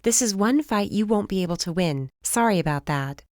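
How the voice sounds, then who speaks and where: A woman's voice: medium pitch, animated, moderate pace, a little mellow, no room sound, clean studio sound, pitched above the performer's own voice, natural voice. A woman reading the part of a touchy, defensive sister in an audiobook, her lines clipped and exasperated. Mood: irritated.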